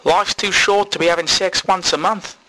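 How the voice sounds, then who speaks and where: A man's voice: high-pitched, fairly even intonation, normal speed, bright, forceful tone, pitched above the performer's own voice, low-quality recording. A man doing Derek, a brash bawdy Aussie agony uncle. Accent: put-on Australian. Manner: blunt, bawdy, swears constantly. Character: brash crude male Australian agony uncle. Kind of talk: comedy podcast character sketch.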